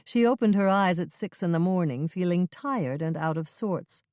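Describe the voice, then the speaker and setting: Measured audiobook narrator, dry sound. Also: mid-range voice, a little mellow, clean tone, no room sound. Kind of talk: scripted narration.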